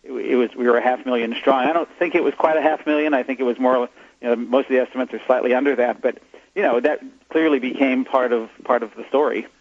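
A man being interviewed as an author, talking in a halting way with many restarts. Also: mid-range voice, fairly even intonation, no room sound, lo-fi sound. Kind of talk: radio interview.

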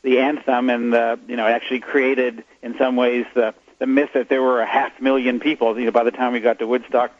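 A man being interviewed as an author, talking in a halting way with many restarts. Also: mid-range voice, little pitch movement, dull audio. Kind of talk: radio interview.

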